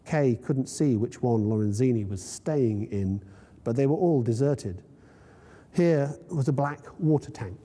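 A man, the author, reading his short story aloud at a university in a measured, vivid way. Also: medium pitch, mellow, breathy edge. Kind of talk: literary reading. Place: university lecture room. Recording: long reverb in a lecture hall.

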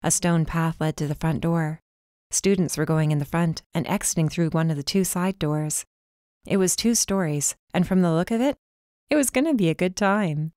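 A woman reading a first-person dark fantasy story as audiobook narrator, with tense, urgent delivery. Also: low-pitched, no room sound, clean studio sound.

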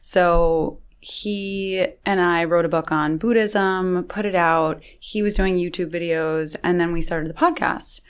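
A woman's voice: lowish voice, steady tone, measured pace, few pauses, clean tone. A young woman talking as a podcast guest in a casual conversation, chatty and full of fillers.

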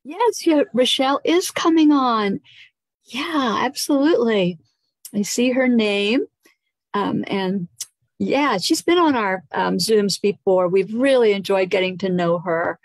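A woman's voice: mid-range voice, lively intonation, unhurried, no echo. A woman co-hosting a casual video call chat, speaking in an encouraging way. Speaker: co-host.

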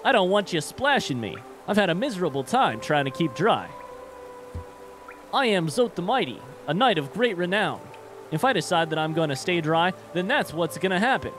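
A man's voice: sits high, sing-song, moderate pace, a bit bright. A man voicing a boastful, pompous little male bug knight who grumbles in a haughty, self-important way. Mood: indignant. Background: game music.

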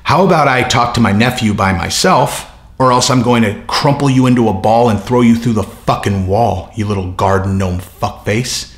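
A man voicing a hot-tempered middle-aged uncle who growls low, profane threats. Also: normal speed, reverberant, natural voice. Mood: threatening.

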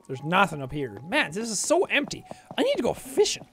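A man streaming a game and chattering through it, his pitch bouncing all over the place. He jokes, swears and mutters to himself between louder outbursts. Faint game music sits underneath. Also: brisk. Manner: animated, jokey, swearing, talks to himself. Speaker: gaming streamer. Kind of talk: let's play commentary.

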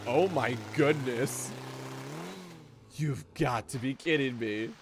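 A man streaming a video game, giving casual, excitable commentary full of swearing and jokes. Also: mid-range voice, slow pace, background noise. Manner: excitable, profane, joking.

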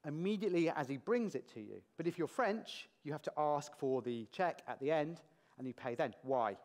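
A British man giving a lively, jokey conference talk to a large audience in a hall, asking the crowd questions as he goes. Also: a little high, moderate pace. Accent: British English. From Britain. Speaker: conference speaker.

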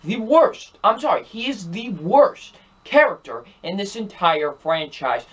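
An exasperated young man rants through a movie review, hammering the same points again and again. His voice sits fairly high for a man, and his talk is emphatic and repetitive. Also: very animated, a little slow, a bit bright, slightly rough. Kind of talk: ranting film review.

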